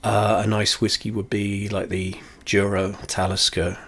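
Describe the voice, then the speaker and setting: A man with a somewhat low voice chats in a loose, rambling way, poking fun at himself and dropping the odd swear word. He sits very close to the camera in a small home setup. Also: little pitch movement, a little slow, a bit bright. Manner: rambling, self-deprecating, swears offhandedly. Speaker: whiskey reviewer. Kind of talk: casual rambling chat. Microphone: camera very close to face.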